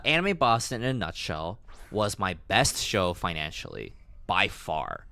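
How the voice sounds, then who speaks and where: A man streaming a game while telling a long story in an animated, chatty way, laughing often, swearing, and leaning on lots of fillers. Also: low voice. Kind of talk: casual storytelling while gaming.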